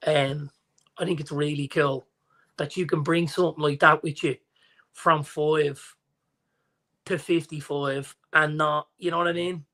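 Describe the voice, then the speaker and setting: A man in his forties with an Irish accent, co-hosting a podcast and telling stories in lively casual chat, acting out the people he quotes. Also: fairly high pitch, unhurried, pauses often. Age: 40s. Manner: animated storyteller, acts out quotes. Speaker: podcast co-host.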